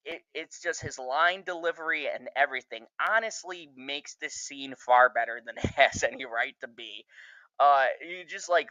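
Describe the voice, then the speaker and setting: A man with a bright, forceful voice recaps a TV episode in a loose, profane way, often breaking into laughter. The sound is dry and a little dull and lo-fi. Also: mid-range voice, no room sound. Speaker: TV show reviewer. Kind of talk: casual spoiler review.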